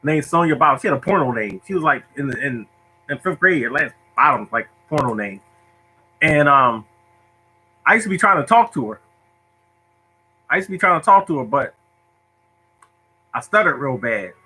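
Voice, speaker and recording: Bright-voiced man laughing through a story. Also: a little high, moderate pace, pauses often, slightly rough, rough recording. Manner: laughs often, animated, imitates people. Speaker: storyteller host. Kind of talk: casual storytelling monologue to viewers.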